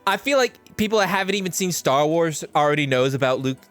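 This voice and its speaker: A young man talking shop on a writing podcast in an easygoing, jokey ramble. His voice sits a little high and swings widely in pitch, with soft music faintly under it. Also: lively intonation. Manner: joking, rambling, quick to laugh. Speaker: podcast co-host and screenwriter. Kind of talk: casual chat.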